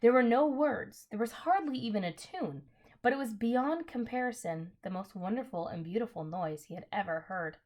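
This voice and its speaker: A woman's voice: a little high, animated, moderate pace, a little mellow. Casual woman reading a storybook aloud. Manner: casual, self-correcting, apologetic asides. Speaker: reader. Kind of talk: reading a children's novel aloud.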